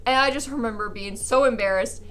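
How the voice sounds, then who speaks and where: A young woman spins a funny story from her school days in a casual vlog, her voice bright and a little high. She talks animatedly, slips into voices for the people she quotes, and laughs between lines. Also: fairly quick. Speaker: vlogger.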